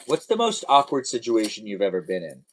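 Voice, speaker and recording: A man's voice: on the low side, huge pitch swings, brisk, slight background noise, low-quality recording. A young man hosting a casual live stream, chatting playfully and answering viewers' comments.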